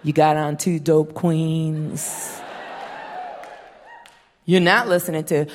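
A woman in her thirties doing stand-up, her delivery unhurried and her voice on the low side, with blunt, profane, deadpan punchlines. Her voice carries a long reverb and a faint hiss from the room. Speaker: stand-up comedian. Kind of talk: stand-up comedy set. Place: stage before a live audience.

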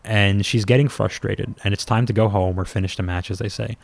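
Low-voiced man telling a wild story. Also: brisk, vocal fry. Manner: lively, self-mocking storyteller who swears casually. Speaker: former pro wrestler telling a story. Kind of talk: casual storytelling.

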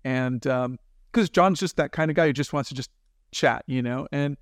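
Animated man telling stories, clear voice. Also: mid-range voice, normal speed, no room sound, clean studio sound. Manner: animated anecdotes with quoted voices. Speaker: guest, animator and film director. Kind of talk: casual interview storytelling.

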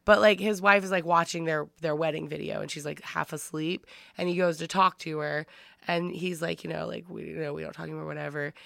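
Gravelly-voiced woman telling stories. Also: sits low, fairly quick, no echo, studio quality. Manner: animated storytelling, heavy use of "like". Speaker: podcast co-host. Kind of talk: casual chat.

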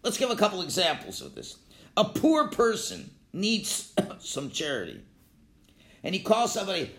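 A man giving a Torah class lecture, animated, calling out his examples loudly. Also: high-pitched, normal speed. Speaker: Torah teacher. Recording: echoey room.

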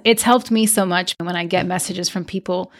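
A woman's voice: on the low side, fairly even intonation, normal speed. A woman hosting her podcast, talking in a chatty, effusive way with lots of filler words. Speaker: podcast host. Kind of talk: casual podcast chat.

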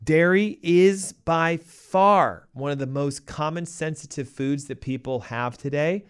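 A middle-aged man hosting a health show, giving emphatic, punchy advice full of rhetorical questions and quick asides. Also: a little high, smooth. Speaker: health podcast host. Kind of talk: energetic health advice talk.

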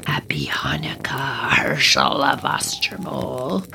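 A woman's voice: a bass voice, wildly swooping pitch, slow pace, creaky, sharp tone, voice pushed down, exaggerated voice. Woman doing a whispering goblin king. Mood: menacing. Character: menacing king of the goblins, male, cold.

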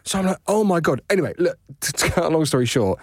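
Animated dad telling a story. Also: male voice, on the high side, very fast, slightly rough, dry recording, clean studio sound. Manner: animated, laughing, acts out voices in anecdotes. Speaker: podcast co-host. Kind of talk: casual storytelling chat.

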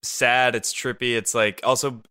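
A man co-hosting a podcast, talking earnestly and reflectively in loose conversation. His voice is bright and crisp, recorded dry and close. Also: medium pitch, flat delivery, measured pace, no room sound. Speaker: podcast co-host. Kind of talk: casual chat.

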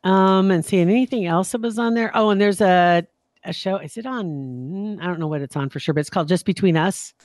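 A woman's voice: fairly low pitch, fairly quick, darkish tone, no room sound. A woman co-hosting a talk show in casual chat, chatty and self-deprecating, often restarting her sentences. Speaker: podcast co-host.

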